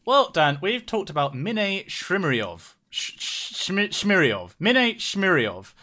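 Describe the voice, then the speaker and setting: A man's voice: sits high, big pitch swings, a little slow, pushed and bright. A man co-hosting a podcast, reacting with disbelief and swearing at a fan fiction read to him. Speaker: podcast co-host. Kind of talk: casual chat.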